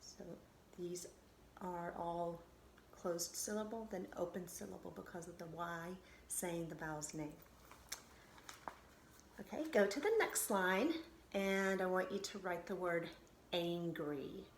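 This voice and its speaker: Low-ish woman teacher voice, patient, sounding out words slow, roomy echo, faint ambient noise. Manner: patient, sounds out syllables slowly and reassures. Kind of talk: recorded phonics lesson for children.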